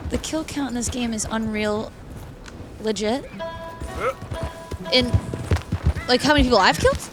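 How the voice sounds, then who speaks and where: A woman streaming a game, chatting casually with viewers and reacting loudly. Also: a little high, unhurried, music in the background. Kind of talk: casual gameplay commentary.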